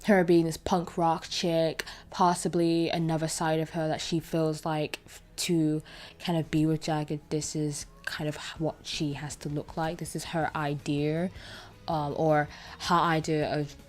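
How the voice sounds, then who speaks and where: A young woman casually reviewing a cartoon episode, chatty and animated, full of fillers and restarts. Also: low voice, measured pace.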